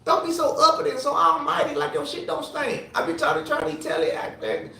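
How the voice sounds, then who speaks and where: Man, tipsy, animated, rambling, profane, echoey room. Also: extremely high pitch, fairly quick, gravelly, slight background noise. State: tipsy from drinking. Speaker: livestream host and former sprinter. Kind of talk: casual livestream rant. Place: hotel room.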